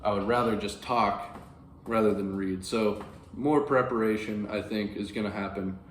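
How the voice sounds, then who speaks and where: Low-voiced man rambling about classics. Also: moderate pace, a little hiss or hum. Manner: rambling, animated, frequent fillers. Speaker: book channel host. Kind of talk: casual classics commentary to camera. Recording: roomy with faint ambience.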